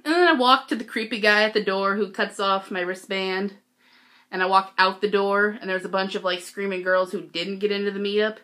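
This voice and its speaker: A teenage girl vlogging, telling a story casually, giggly and excitable with lots of "like". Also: medium pitch, normal speed.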